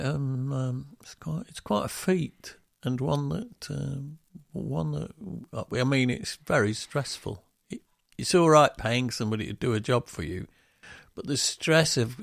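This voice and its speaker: Male co-host, gravelly, dry close sound, rambling storyteller. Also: mid-range voice, dry recording. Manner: rambling, acts out builders' questions in raised voices. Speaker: podcast co-host. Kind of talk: casual chat.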